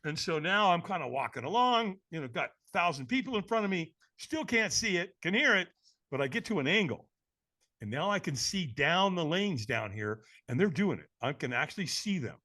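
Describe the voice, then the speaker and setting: A man who is a podcast guest, telling a story in an energetic, emphatic way and acting out the other people in it. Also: a little high, moderate pace. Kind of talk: animated storytelling.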